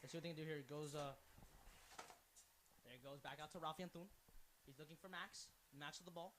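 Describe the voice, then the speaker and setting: High-pitched teen guy doing color commentary, rambles, yells on big plays, faint hiss behind. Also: fast. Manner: rambling and excitable, prone to tangents and sudden shouts. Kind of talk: student sports broadcast commentary.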